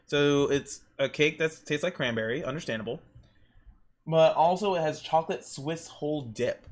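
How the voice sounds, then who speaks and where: A young man streaming while he draws, rambling through excitable stories and exclamations. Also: a little high, moderate pace. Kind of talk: casual chat while drawing on stream.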